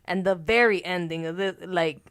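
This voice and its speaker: A woman's voice: fairly low pitch, fairly bright tone, clean tone, no echo, clean studio sound. A woman co-hosting a casual podcast chat, talking frankly and at length. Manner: frank, talkative, fast trailing asides. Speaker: podcast co-host.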